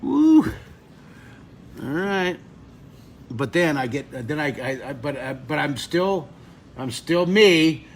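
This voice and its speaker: A man's voice: on the high side, big pitch swings, slow pace, gravelly, pauses often, a little hiss or hum. A man in his fifties teaching drawing on a live webcast, rambling into emotional stories between drawing steps. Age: 50s.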